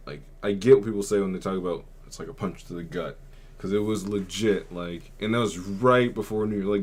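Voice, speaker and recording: Low-voiced young man telling a rambling story. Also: a little mellow. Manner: rambling, heavy filler words, subdued. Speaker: podcast host. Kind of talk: casual storytelling.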